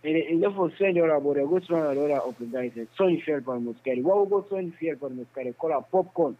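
A man with a Sierra Leonean Krio accent recounting events in a phone interview, in halting, repetitive speech. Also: fairly high pitch. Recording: tinny phone line.

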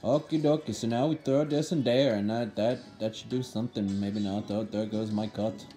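A man's voice: on the low side, fairly even intonation, normal speed, dark tone, soft background music, lightly acted. A man voicing a playful gamer character in a put-on Indian accent, giving jokey, loosely cursing gameplay commentary. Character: young man faking a heavy accent while gaming.

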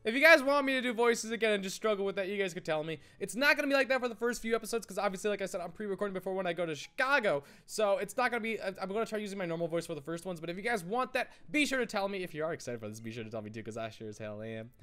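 Lively, giggly let's-play host. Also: male voice, sits high, racing, few pauses, clear, resonant tone. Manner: giggly, rambling, easily sidetracked. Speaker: gaming channel host.

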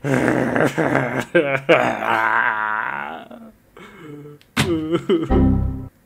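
A woman's voice: extremely low pitch, drawn-out words, gravelly, loud music behind the voice. A woman in a comedy sketch who gives exaggerated cries of frustration and talks in broken, simple English. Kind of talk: self-narrated comedy sketch. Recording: noisy recording.

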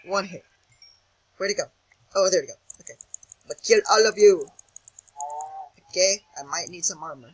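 A man's voice: high voice, moderate pace, long pauses, husky, poor audio. A young man giving casual commentary over a video game, jittery and self-mocking, often chanting words over and over in a sing-song. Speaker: gaming channel host.

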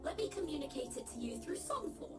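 A performer plays a sassy British character from a rhythm game, all dry teasing and quiet theatrics. The voice sits high and comes through as distant game audio. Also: very animated, quick pace, loud music behind the voice.

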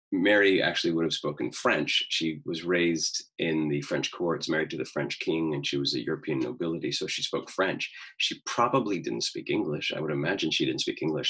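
Husky low-voiced man teaching acting. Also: a bit bright, low-quality recording. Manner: talkative, explains at length with many fillers. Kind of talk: lecture on a film scene.

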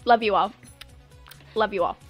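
A woman's voice: medium pitch, normal speed, soft background music. A young woman streaming a game live, effusively and dramatically thanking her viewers with lots of exclamations.

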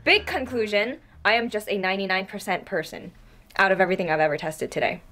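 A woman's voice: mid-range voice, quick pace, a bit bright. A young woman hosting a casual vlog, chatty and often breaking into giggles. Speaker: vlog host. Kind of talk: casual chat.

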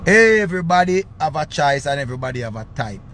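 A Jamaican man giving loud, excitable commentary on his channel, often repeating his phrases. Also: fairly high pitch, quick pace, a little hiss or hum. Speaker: vlogger. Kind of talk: casual commentary.

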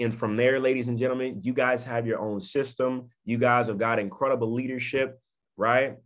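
A man giving an emphatic motivational talk on a video call, repeating phrases and often checking in with his listeners. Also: mid-range voice. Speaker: network marketing speaker.

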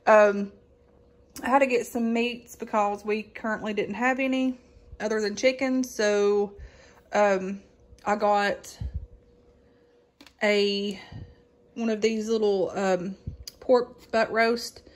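A woman's voice: mid-range voice, fairly even intonation, takes it slowly, long pauses. A woman, casually chatting through a grocery haul with lots of ums and folksy asides. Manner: rambling with many ums, folksy Southern-style exclamations. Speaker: vlogger showing a grocery haul. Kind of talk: casual chat.

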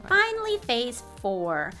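A woman's voice: fairly high pitch, wildly swooping pitch, takes it slowly, bright, forceful tone, faint music behind. A woman co-hosting a casual curriculum review, speaking in an upbeat, friendly way as she explains things. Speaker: homeschooling mom and channel co-host.

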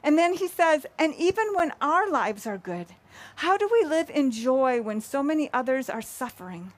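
A woman pastor preaching a sermon in an earnest, measured way, asking rhetorical questions. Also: sits high, sing-song. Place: church sanctuary.

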